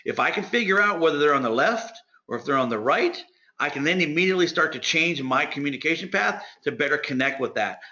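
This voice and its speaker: Energetic man teaching sales. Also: a little high, dull audio. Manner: direct, energetic, talks to the audience as friends. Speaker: sales trainer. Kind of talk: instructional talk.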